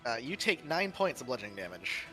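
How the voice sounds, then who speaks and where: A man's voice: medium pitch, big pitch swings, a little fast, bright, forceful tone, soft background music. A man running a tabletop game as game master over an online voice call, laid-back and laughing often, with hesitant fillers.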